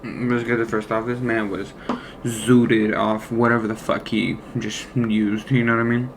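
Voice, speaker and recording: A man's voice: on the low side, level tone, unhurried, a little hiss or hum. A young man casually telling a personal work story, rambling and profane with lots of slang fillers. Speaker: former deli worker telling a story.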